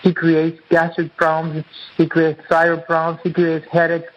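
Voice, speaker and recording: A man's voice: fairly high pitch, monotone, moderate pace, dull audio. A man guest, an author and acupuncturist, explaining his teaching in an earnest, repetitive, teacherly way during an interview.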